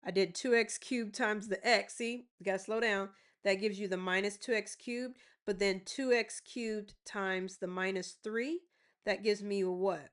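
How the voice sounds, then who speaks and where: A woman's voice: mid-range voice, steady tone. Woman math teacher, patient and repetitive, checks that students follow. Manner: repeats phrases, checks in with "right?" and "y'all see?"; slows down to spell out terms. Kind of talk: step-by-step math lesson.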